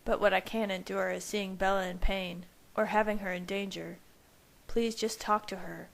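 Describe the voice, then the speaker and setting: A woman's voice: mid-range voice, little pitch movement, moderate pace, creaky, lightly acted. A woman voicing a brooding young male vampire who speaks in a restrained, earnest way.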